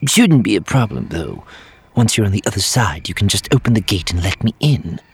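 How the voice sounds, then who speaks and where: A man voicing a clever, self-assured male spy advisor who talks in a brisk, reassuring way. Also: on the low side, very animated, slightly rough, pitched above the performer's own voice, heavily acted. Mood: confident.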